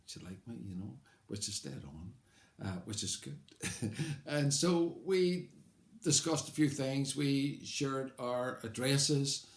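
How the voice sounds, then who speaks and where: An older man with a Belfast accent recalls his life in a loose, wry, chatty way. His voice sits at an ordinary pitch. The room around him rings with a noticeable echo. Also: slow. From Belfast, Northern Ireland. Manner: conversational and wry, rambling with fillers. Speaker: storyteller. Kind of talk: personal life story told aloud. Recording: roomy echo.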